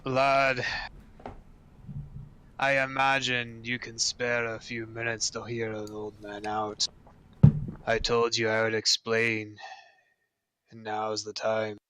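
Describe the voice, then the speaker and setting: A man voicing a grave old male dwarf who calls others lad and lass, speaking slowly and deliberately in a tabletop game. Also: fairly low pitch, completely flat delivery, bright, forceful tone, slight background noise. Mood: coaxing. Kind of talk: tabletop role-play voicing a character.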